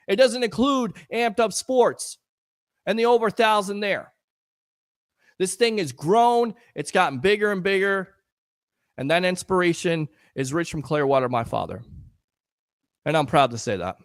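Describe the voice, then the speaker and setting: A sports talk show host runs a live stream, earnest, emotional and rambling as he hypes up his audience. His voice is high-pitched with lively intonation, at a measured pace with frequent pauses. The audio is studio quality, with no echo.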